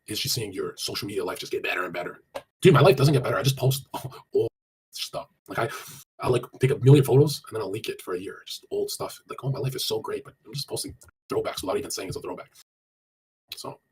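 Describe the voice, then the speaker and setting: A man's medium-pitched voice swings wildly in pitch as he fires off crude, blunt dating advice to his live stream chat. He curses a lot and speaks rapidly in run-on sentences thick with fillers, with a little hiss or hum on the recording.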